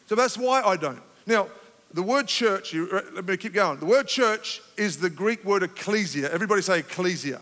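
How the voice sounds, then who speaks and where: Male pastor, high bright tense voice, fervent sermon delivery, big reverberant church sound. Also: a little fast. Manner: impassioned, rising to fervent emphasis then calming. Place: church sanctuary.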